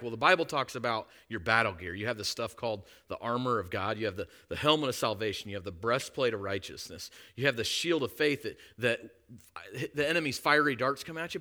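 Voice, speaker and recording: A man preaching a sermon with emphatic delivery, shifting from hushed tones to loud declarations. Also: mid-range voice, brisk.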